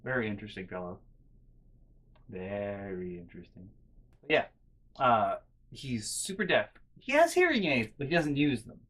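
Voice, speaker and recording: A young man vlogging, telling a casual, rambling story full of restarts and quiet muttered asides. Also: on the low side, moderate pace, pauses often. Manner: rambling, self-interrupting with fillers and restarts.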